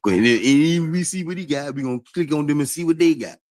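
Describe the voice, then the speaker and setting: A man's voice: a little high, racing, rough recording. A man talking casually and repetitively to his stream audience, with frequent laughs. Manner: animated, repetitive, preachy, laughs often. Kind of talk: casual livestream talk.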